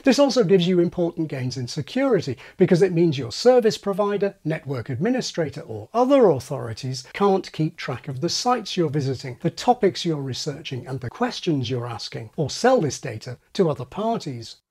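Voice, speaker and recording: A fairly high, husky male voice that moves lively up and down. He explains things with dry, wry asides, like an educational video host. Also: normal speed, hardly any pauses. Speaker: channel host explaining speech.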